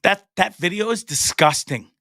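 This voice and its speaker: A man's voice: sits high, animated, moderate pace, bright, forceful tone, dry recording, studio quality. A Canadian man in his forties hosting a show, delivering an angry, profane, repetitive rant, stammering as he gets fired up. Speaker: host. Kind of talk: impassioned solo rant. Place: studio.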